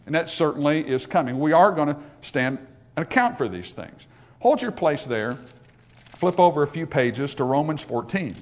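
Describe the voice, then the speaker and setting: With a fairly high, expressive voice at a moderate pace, a man preaches emphatically. He moves between loud, raised passages and quiet asides, reading scripture in old-fashioned wording.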